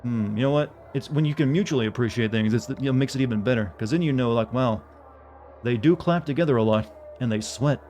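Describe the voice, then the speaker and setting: A man streaming a video game, chatting casually in a dry monotone. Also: medium pitch, quick pace, soft background music.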